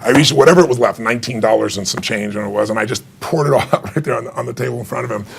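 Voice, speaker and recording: A middle-aged man, an author being interviewed, telling an emotional story with animated retold dialogue and frequent laughs. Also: medium pitch, racing, gravelly, a little hiss or hum. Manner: animated, acts out quoted dialogue, laughs often. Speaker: author and guest.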